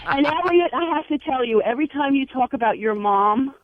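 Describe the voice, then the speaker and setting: A woman calling in to a radio show, gushing and excitable as she chats over the phone. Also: sits high, fairly quick, noisy background. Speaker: caller. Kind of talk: phone-in chat. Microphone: telephone. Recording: tinny phone line.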